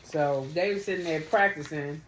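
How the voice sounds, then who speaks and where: A woman vlogger recapping a reality show in casual, profane storytelling, animated and chatty, acting out what people said. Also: low voice, normal speed, slight background noise. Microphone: on camera, speaking to viewers.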